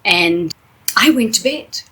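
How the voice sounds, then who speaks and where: A woman telling a funny personal story in a chatty, animated way. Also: medium pitch, slow, slightly rough, rough recording. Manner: chatty, animated, with fillers and restarts. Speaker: storyteller and English teacher. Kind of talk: casual storytelling.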